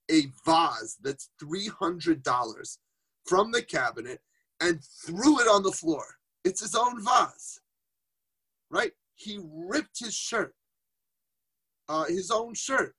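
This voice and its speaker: A man's voice: high-pitched, very animated, slow pace, sharp tone, breathy edge. A man teaching Torah informally on a group phone call, conversational, asking rhetorical questions and mixing in Yiddish and Hebrew terms.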